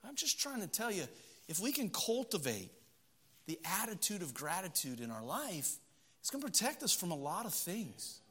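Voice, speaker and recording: A middle-aged man delivers a storytelling sermon from the pulpit of a church. His voice sits high and bright. He moves between loud, emphatic passages and soft, low asides. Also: very animated, moderate pace, husky. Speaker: pastor. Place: church sanctuary.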